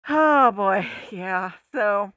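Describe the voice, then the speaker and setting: A woman co-hosting a movie podcast in a casual, animated way, laughing often between her points. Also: mid-range voice, drawn-out words, clean tone, dry recording. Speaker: podcast co-host. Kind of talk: casual movie-review chat.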